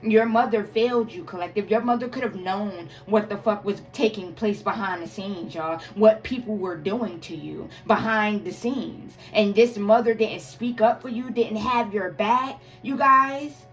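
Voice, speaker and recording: A woman's voice: medium pitch, measured pace, hardly any pauses, faint music behind. A woman doing a casual tarot reading for her viewers, emphatic and profane, calling them "y'all" and "collective" again and again. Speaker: tarot reader.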